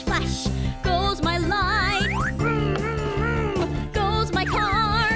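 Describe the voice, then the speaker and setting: A woman presenting a children's TV show, playing a police officer in a giggly, singsong, slowly exaggerated way. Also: very high-pitched, a bit bright. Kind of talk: playful children's TV role-play. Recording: music under voice.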